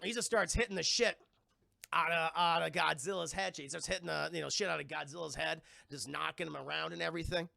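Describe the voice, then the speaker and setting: A young male streamer recapping a monster movie to his live chat, swearing and laughing along the way. His voice sits high, bright and very gravelly. The recording is dry and close. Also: fast talker, dry recording. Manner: animated, profane, laughing storyteller.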